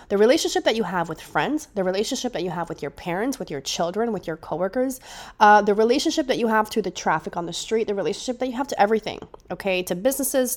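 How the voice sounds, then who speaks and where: Stuffy-nosed young woman hosting chatty podcast. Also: fairly low pitch. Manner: chatty and enthusiastic, with frequent restarts. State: stuffy nose from a cold. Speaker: podcast host. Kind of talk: casual solo podcast monologue.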